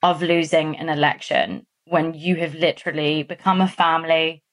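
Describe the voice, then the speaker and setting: A woman from Massachusetts with a somewhat low voice talks on a podcast. She tells stories in a casual, animated way and fills her speech with loose asides. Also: normal speed. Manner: animated storytelling with many fillers. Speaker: podcast co-host. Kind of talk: casual chat.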